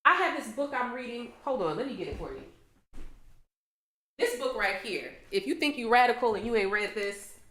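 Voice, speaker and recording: A woman's voice: a little high, animated, moderate pace, a bit bright, roomy sound. A woman astrology reader, delivering an impassioned, preachy livestream monologue full of rhetorical questions. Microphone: camera mic on a livestream.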